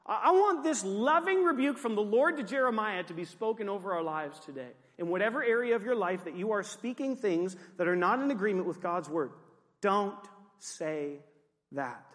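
A male pastor preaching in an emphatic way, with a fairly high voice for a man. His key phrases come back again and again. A long reverb from the hall trails every line. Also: lively intonation, a little fast, hardly any pauses, fairly bright tone. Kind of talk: sermon.

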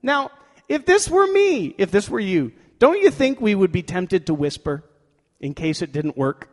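A man's voice: high voice, very animated, a little slow, darkish tone. A man preaching a sermon, telling a story with energy and acting out quoted voices. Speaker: pastor. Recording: long hall reverb.

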